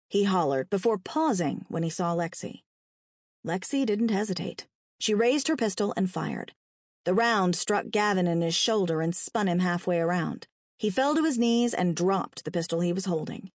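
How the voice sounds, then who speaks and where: A woman reading a dark story aloud with a dramatic, expressive delivery. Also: fairly low pitch, normal speed, no echo, clean studio sound. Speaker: narrator.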